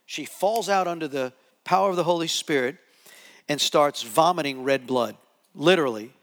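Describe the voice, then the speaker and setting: A man's voice: on the high side, normal speed. Man preaching in a reverberant hall. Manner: lively anecdotal storytelling, acts out quotes. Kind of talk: sermon storytelling.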